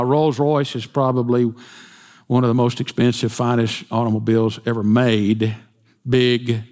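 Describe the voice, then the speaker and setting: A preacher with a fairly high voice, telling folksy stories and jokes in his sermon. His voice carries a long reverb from a church hall. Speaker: pastor.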